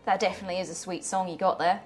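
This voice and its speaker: A woman's voice: lowish voice, fairly even intonation, rapid-fire, soft background music, lightly acted. A woman voicing a crude, cheeky young goblin who talks in a brash, jokey way.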